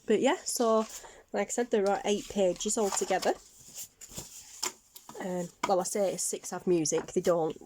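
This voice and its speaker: A woman's voice: medium pitch, fairly even intonation, unhurried, long pauses, background noise. A woman with a Northern English accent, chatting casually through a craft show-and-tell, rambling with lots of ums and little self-corrections. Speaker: craft vlogger.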